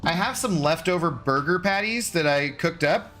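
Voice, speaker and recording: A man's voice: a little high, lively intonation, moderate pace, bright, forceful tone, soft background music. A man casually chatting with his live-stream viewers while gaming, rambling and answering chat messages. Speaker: game streamer.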